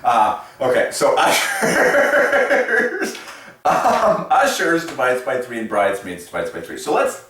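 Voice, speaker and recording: A man hosting a casual explanatory monologue in a playful, animated way, often chuckling at his own asides. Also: medium pitch, moderate pace, hardly any pauses. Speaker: channel host presenting number patterns. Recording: echoey room, mic set at a distance.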